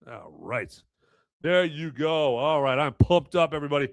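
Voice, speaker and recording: A man's voice: on the high side, moderate pace, faint music behind. A man hosting a live movie review podcast, talking in a rambling, sarcastic way with lots of fillers. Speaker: podcast host.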